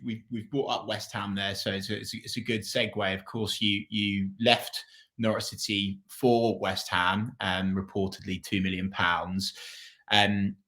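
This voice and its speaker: A man's voice: fairly low pitch, fairly bright tone. A man hosting a podcast interview, framing his questions with hesitant repeated words.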